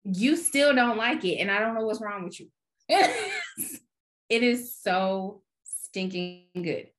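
A woman co-host in casual conversation about television. She is emphatic and teasing, cuts in often, and speaks at a mid pitch. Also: fairly bright tone. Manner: emphatic, teasing, quick to interject. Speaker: podcast co-host. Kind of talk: casual chat about TV shows.

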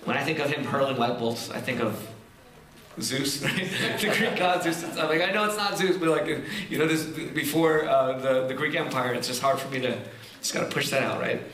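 A man preaching a sermon, reading scripture slowly and explaining it in a lively, conversational way with casual asides. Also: medium pitch, roomy sound. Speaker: pastor.

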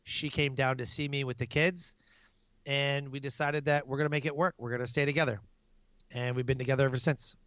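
Man in his 30s, military NCO, animated storyteller, mid-pitched, dry and slightly dull sound. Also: a little fast, clear, resonant tone, dry recording. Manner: animated, laughing, acts out his own outbursts. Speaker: guest; military non-commissioned officer. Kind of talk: casual storytelling interview.

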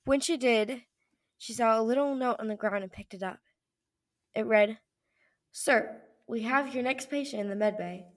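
A teenage girl reads the narration of a homemade fan audio drama in a voice that sits a little high. The sound is close and dry, with no room around it. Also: dry recording. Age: teens. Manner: reads narration and voices several characters, shouting in emotional lines. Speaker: co-narrator and voice actor.

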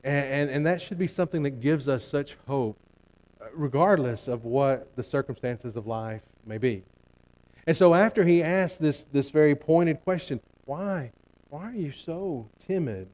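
A man's voice: medium pitch, normal speed, a little mellow, poor audio. A male pastor preaching a sermon earnestly, building emphasis through repeated phrases and frequent restarts.

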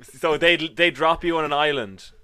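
A man co-hosting a casual podcast, telling rambling stories with frequent laughs, his voice often dropping low and quiet. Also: normal speed, a loud crowd. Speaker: podcast co-host. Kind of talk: casual chat.

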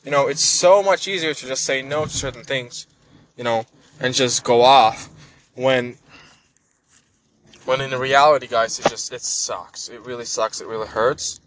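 An earnest man vlogging to his viewers, circling back and repeating words as he talks, with the of someone who learned it later. His voice sits mid-pitch, and a faint hum of a vehicle runs beneath it. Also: measured pace, a bit bright, low-quality recording. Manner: earnest, rambling, many restarts and repeated words. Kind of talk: casual personal vlog monologue.

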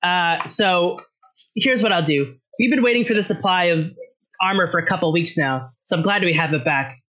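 A game master voicing a gruff, buff woman shopkeeper who hates jerks, blunt and suspicious, in a tabletop role-play. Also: fairly low pitch, moderate pace, a bit bright, lo-fi sound. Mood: businesslike.

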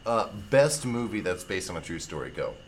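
A man co-hosting a casual podcast chat, joking around and quick to laugh. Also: deep voice, noisy background. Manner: animated, jokey, quick to laugh. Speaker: podcast co-host.

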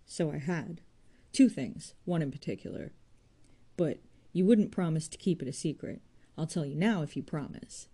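A woman reading aloud voices a blunt, careless young woman who speaks briskly and forcefully. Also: sits low, animated, slightly rough, heavily acted. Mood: confiding.

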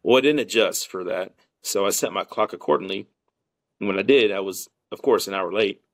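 A man with a drawl and a fairly low voice tells his hunting mishaps in a lively, rambling way, stumbling over restarts and acting out what everyone said. The recording is dry and close, with no room sound. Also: a little fast, no room sound. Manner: animated storyteller who acts out quotes, with many restarts. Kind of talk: casual hunting podcast storytelling.

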